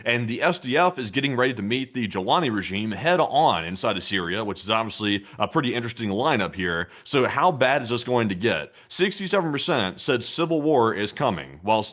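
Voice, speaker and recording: A man's voice: medium pitch, a bit bright. A man co-hosting a live news stream in a laid-back, joking way with plenty of slang. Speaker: co-host. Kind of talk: casual live news commentary.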